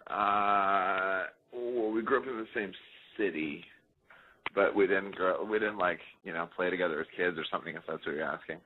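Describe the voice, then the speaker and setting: A man's voice: deep voice, moderate pace, slightly rough. A man guest joking and rambling in a casual phone interview. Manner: joking, rambling, laid-back. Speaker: musician guest. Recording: tinny phone line.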